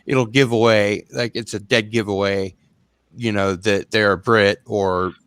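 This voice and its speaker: A man's voice: on the low side, steady tone, measured pace, a bit bright, clear, resonant tone, no echo, clean studio sound. A man co-hosting a casual podcast chat, asking curious questions and hesitating with fillers. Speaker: podcast co-host.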